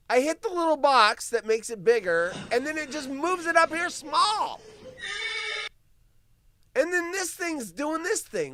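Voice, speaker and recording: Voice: high-pitched, sing-song, measured pace, sharp tone. A live stream host doing solo commentary, ranting with profanity, mocking asides and laughter while reading the news aloud.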